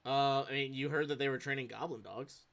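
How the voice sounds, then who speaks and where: A man's voice: medium pitch, fairly even intonation, fairly quick, creaky, a bit bright. A man narrating a tabletop game as game master, with a casual, rambling delivery.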